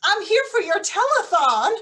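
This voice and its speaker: A woman playing a spy who badly fakes a famous American pop singer, insisting too brightly with nervous laughs in improvised comedy. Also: very high voice, very animated, moderate pace, heavily acted.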